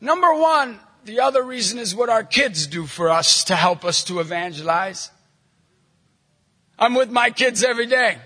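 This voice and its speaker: A middle-aged man, a Catholic evangelist, preaching energetically to a live audience, telling jokey stories and bursting into loud emphasis. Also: extremely high pitch, animated, normal speed, slightly rough. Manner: punchy, jokey storyteller, bursts into shouting emphasis. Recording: long hall reverb from a large venue.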